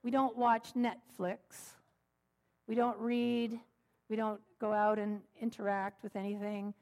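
Woman preaching on mindfulness with gentle humor. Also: on the high side, level tone, slow. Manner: warm storytelling with gentle humor. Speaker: minister. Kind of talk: sermon.

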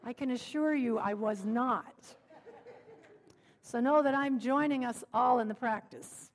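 A middle-aged woman minister giving a sermon, telling stories with gentle humor. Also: fairly high pitch, unhurried, gravelly. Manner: warm storytelling with gentle humor.

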